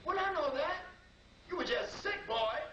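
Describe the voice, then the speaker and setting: A man's voice: lively intonation, normal speed. A man mimicking a sassy, knowing wife. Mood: teasing. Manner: high, sing-song mimicry. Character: sassy middle-aged wife, knowing and teasing. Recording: roomy and distant with background noise.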